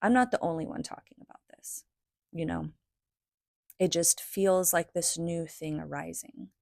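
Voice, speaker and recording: Gravelly low-voiced woman, dry close mic. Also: fairly even intonation, moderate pace, darkish tone, no room sound. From United States. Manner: earnest and chatty, fond of "right?" and "like". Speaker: podcast host. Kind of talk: reflective solo talk on spirituality.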